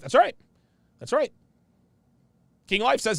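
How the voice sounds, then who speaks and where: Brash male stream host, emphatic and repetitive, lively high delivery with gravel in the voice. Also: normal speed, pauses often, dry recording. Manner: brash, emphatic, repeats phrases. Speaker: show host reading viewer comments. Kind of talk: casual livestream commentary.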